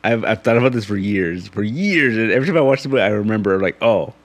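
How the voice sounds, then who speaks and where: A man's voice: fairly low pitch, animated, quick pace. A man co-hosting a casual podcast, swearing and laughing often as he acts out movie scenes. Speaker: podcast co-host.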